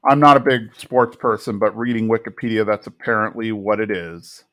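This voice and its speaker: A man's voice: fairly low pitch, brisk, a bit bright. A man co-hosting a podcast, casually recapping an episode and now and then mimicking the characters. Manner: retells scenes, briefly mimicking characters. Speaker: podcast co-host.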